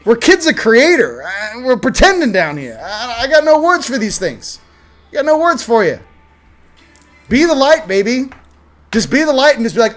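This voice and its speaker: A man's voice: very high voice, big pitch swings, moderate pace, a bit bright, faint music behind. A man hosting a casual spiritual chat show, rambling and joking, acting out little voices and laughing. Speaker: host.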